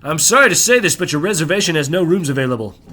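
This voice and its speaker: A man's voice: a little high, animated, very fast, pushed and bright. A man voicing a courteous young male hotel desk clerk in a novel reading.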